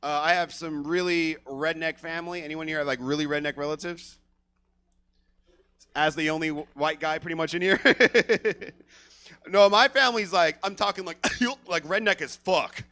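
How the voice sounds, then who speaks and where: Male stand-up comic and emcee, high bright voice, brash crowd work on stage. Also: normal speed. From Stockton, California. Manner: profane, energetic crowd work. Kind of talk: stand-up set. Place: comedy theater stage.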